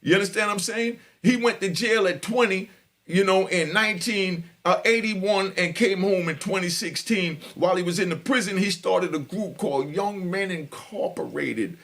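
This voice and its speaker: An older man, ranting loudly and with heavy profanity at viewers of his prison stories vlog. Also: high voice, normal speed. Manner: loud, profane, preaching to viewers. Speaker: prison story vlogger. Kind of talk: heated unscripted monologue.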